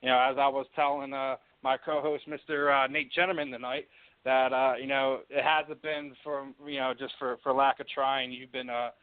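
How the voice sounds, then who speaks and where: A man's voice: medium pitch, flat delivery, moderate pace, clean tone, no echo. A man hosting a casual interview, rambling with many fillers and laughing easily. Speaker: podcast host. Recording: tinny phone-like line.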